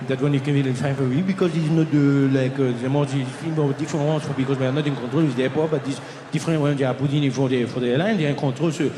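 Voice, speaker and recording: A man's voice: steady tone, roomy sound, noisy background, natural voice. A man doing a rambling older French airport clerk. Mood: muddled helpful. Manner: halting, circling broken English, low and earnest.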